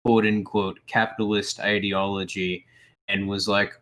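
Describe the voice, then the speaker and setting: Emphatic man with a bright, forceful voice. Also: fairly low pitch, a little slow. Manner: emphatic, restarts phrases, animated. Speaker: co-host. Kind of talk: casual political commentary.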